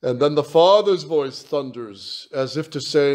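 Slow-speaking priest preaching a sermon. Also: male voice, a little high, darkish tone. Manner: slow, emphatic preaching with repeated phrases.

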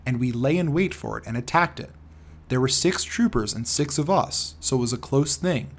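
A man reading the part of a dying older man who confesses in an earnest, heavy way, in a husky voice. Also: medium pitch. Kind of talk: audiobook character reading.

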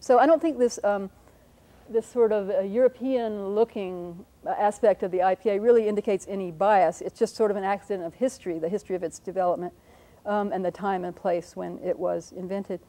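A woman lectures on speech sounds in a patient, explanatory way, pausing with ums and correcting herself as she writes examples. Her voice is mellow and warm, at an ordinary pitch for a woman. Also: fairly even intonation. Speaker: linguist lecturer. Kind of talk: radio lecture with whiteboard demonstration.

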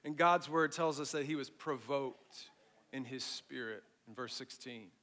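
A middle-aged man preaching a sermon as pastor, with animated emphasis that drops to a hush at phrase ends and casual asides to the congregation. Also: mid-range voice, unhurried.

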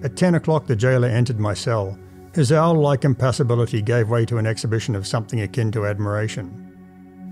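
A man reading a classic tale aloud in a measured, dramatic first-person narration. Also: mid-range voice, darkish tone, soft background music. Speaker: audiobook narrator.

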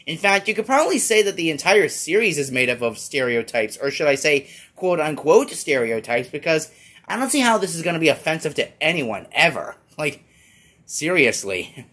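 A man's voice: fairly high pitch, big pitch swings, fairly quick, a bit bright, husky. A man giving a casual, rambling toy review with many fillers. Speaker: toy collector YouTuber.

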